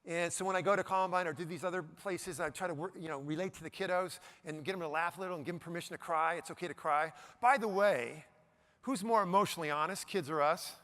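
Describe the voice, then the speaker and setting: A middle-aged man giving a lively talk to a live audience, joking and asking the crowd questions. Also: fairly high pitch, quick pace. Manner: animated, jokey, asks the audience questions. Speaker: motivational speaker. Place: event stage before a live audience.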